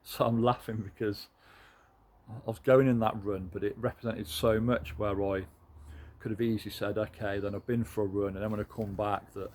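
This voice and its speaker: A British man speaks in a somewhat low voice, talking earnestly and reflectively as he encourages his viewers. It is a candid motivational monologue, with a faint hum of ambience behind him. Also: little pitch movement, moderate pace, darkish tone. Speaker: motivational vlogger.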